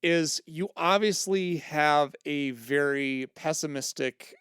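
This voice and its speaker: A man's voice: on the high side, takes it slowly, fairly bright tone, clean tone, dry recording, clean studio sound. A man co-hosting a podcast, joking and then giving earnest, reasoned advice in casual chat. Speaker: podcast co-host.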